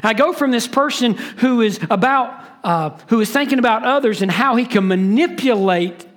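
A pastor preaching a sermon, stressing words by repeating them and switching between quick and slow delivery. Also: extremely high pitch, animated.

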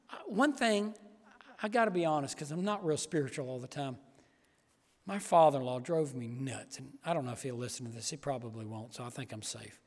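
High-voiced preaching man in reverb. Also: animated, normal speed. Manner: emotional, swings from quiet to raised. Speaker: pastor. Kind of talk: sermon.

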